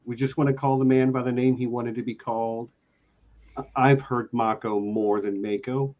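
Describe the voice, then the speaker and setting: A man's voice: mid-range voice, flat delivery, moderate pace, mellow. Eager man on dull lo-fi audio. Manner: eager, emphatic fan talk. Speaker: co-host, long-time fan. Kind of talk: casual podcast discussion.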